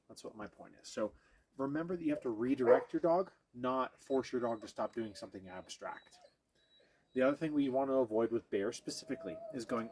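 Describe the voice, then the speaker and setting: A man's voice: medium pitch, a little mellow, breathy edge. A man teaching dog training, explaining each step to viewers while he works with a dog and breaks off now and then to praise or coax it. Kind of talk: hands-on training demonstration.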